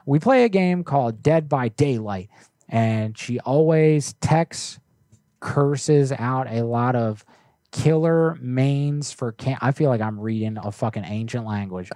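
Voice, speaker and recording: A man's voice: mid-range voice, slow, mellow, dry recording, clean studio sound. A young man hosting a prank call livestream, reading viewer requests in an offhand, joking way with some swearing. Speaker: prank call streamer host. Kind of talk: casual livestream chat.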